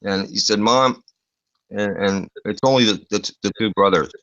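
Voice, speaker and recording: A man's voice: lowish voice, normal speed, fairly bright tone, no room sound, lo-fi sound. A man telling a crude, rambling story on a video call, swearing often and full of fillers. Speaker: online show host.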